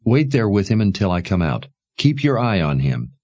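A man voicing a weary, protective mother who speaks softly and tenderly in a storybook reading. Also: on the low side, big pitch swings, moderate pace, no room sound, highs cut off, voice pushed up. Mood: firm. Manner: soft, tender.

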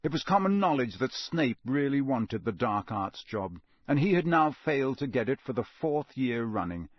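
A man's voice: mid-range voice, very animated, moderate pace, dry recording. Man narrating an audiobook, dry sound. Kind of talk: scripted narration.

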